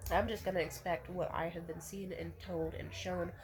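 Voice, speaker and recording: Blunt ranting woman, low voice. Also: level tone, moderate pace. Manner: blunt, profane, heated; repeats herself to restate points. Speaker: vlogger. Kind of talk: casual rant to camera.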